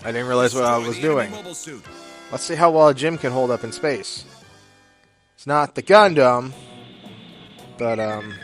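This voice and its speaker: A man giving rambling, jokey gameplay commentary, with sudden loud bursts of excitement. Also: medium pitch, unhurried, long pauses. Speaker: gaming YouTuber. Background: game music.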